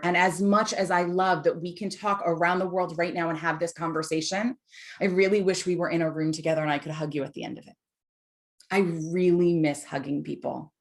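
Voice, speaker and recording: A woman in her forties giving a heartfelt, emphatic talk on mental health to an online audience over a video call. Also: lowish voice. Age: 40s. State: tearful at times. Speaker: guest speaker on mental health.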